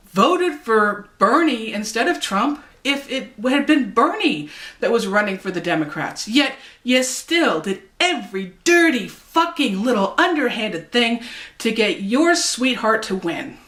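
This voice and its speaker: A woman's voice: medium pitch, very animated, unhurried, fairly bright tone. A woman vlogger delivering an angry, profane political rant to the camera. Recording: echoey room.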